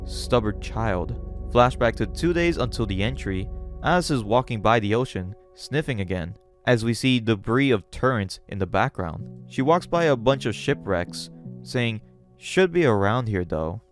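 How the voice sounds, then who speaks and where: A man casually narrating a story aloud, with relaxed chatty asides. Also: medium pitch, moderate pace, soft background music. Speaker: channel host. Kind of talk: casual story read-along with commentary.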